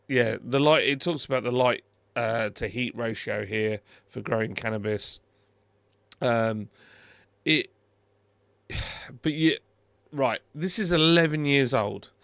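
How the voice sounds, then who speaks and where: A man's voice: mid-range voice, slow, gravelly, pauses often, fairly bright tone, dry recording. A middle-aged British man hosting a car video, chatting casually and wryly over a screen recording, with many fillers and restarts.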